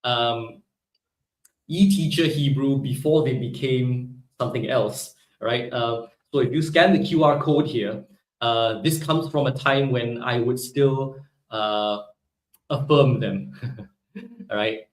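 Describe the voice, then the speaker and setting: Speaking slowly in a mid-range voice, a man teaches a live online Hebrew class, breaking things down step by step. He regularly checks in with "right?". The room echoes and the audio is poor.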